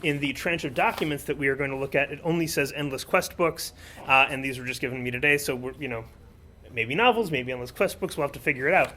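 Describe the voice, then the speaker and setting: Bright-voiced man hosting a live podcast. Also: medium pitch, fast talker, a little hiss or hum. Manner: chatty, upbeat, explaining. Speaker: podcast host. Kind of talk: live podcast talk at a convention. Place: convention seminar room before an audience.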